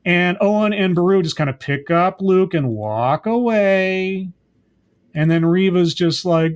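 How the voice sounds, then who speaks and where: A man's voice: sits high, lively intonation, unhurried. A man giving a sarcastic, exasperated episode recap as a show reviewer, rambling and mocking.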